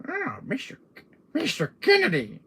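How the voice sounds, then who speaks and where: A man voicing a flirty, pestering woman who calls everyone honey, in a cooing falsetto. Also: huge pitch swings, normal speed, fairly bright tone, full character voice.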